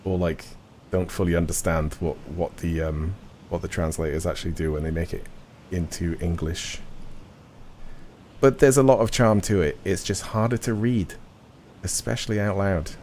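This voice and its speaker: A man's voice: low voice, moderate pace, a little mellow, a little hiss or hum. A man streaming a game live, chatting in a rambling way with lots of restarts and fillers. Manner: rambling, trailing off, filler-heavy.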